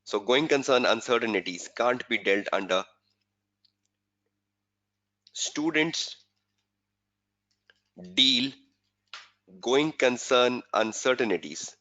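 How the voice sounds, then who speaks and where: A man's voice: mid-range voice, slow pace, pauses often, sharp tone. A male exam tutor giving a webinar lecture, repeating key points and quizzing students with rhetorical questions. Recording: dull lo-fi webinar audio.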